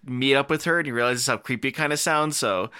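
A man's voice: mid-range voice, quick pace, sharp tone, smooth. A man co-hosting a casual podcast, musing about a character's motives and acting out imagined lines. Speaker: podcast co-host. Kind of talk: casual chat.

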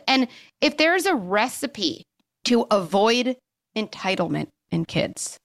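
A woman's voice: mid-range voice, a bit bright. A woman child psychologist speaking emphatically as a podcast guest, acting out little bits of parents and kids as she explains. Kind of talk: podcast interview.

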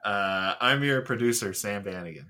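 A man who is the producer and co-host of a casual podcast, teasing and laughing with quick comebacks. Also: lowish voice, pushed and bright. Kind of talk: casual comedy podcast banter.

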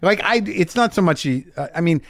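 A man's voice: a little high, lively intonation, normal speed, no room sound. A man hosting a casual interview, candid and joking, with frequent swearing. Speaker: podcast host.

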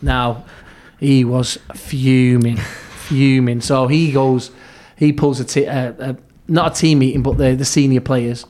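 A middle-aged man recounting stories as a podcast guest, his voice sitting at an ordinary pitch. He talks in bursts, restarting phrases as the memories come. He acts out what others said and lowers his voice to a near murmur when the story turns tense. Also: measured pace, few pauses. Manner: lively storyteller, acts out quoted lines, frequent restarts. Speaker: podcast guest, former football club therapist. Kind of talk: anecdotal storytelling in an interview.

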